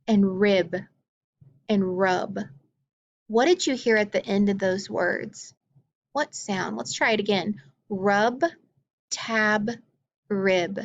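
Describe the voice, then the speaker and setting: Female teacher, higher-pitched voice, patient phonics lesson for kids, dull lo-fi recording. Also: fairly bright tone. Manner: patient, encouraging, speaks slowly to children. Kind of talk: phonics lesson for young children.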